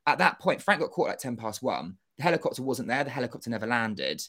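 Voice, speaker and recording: A young man telling a story as an interview guest, animated and acting out quoted dialogue, with casual swearing. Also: mid-range voice, quick pace. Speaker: interview guest, former contestant.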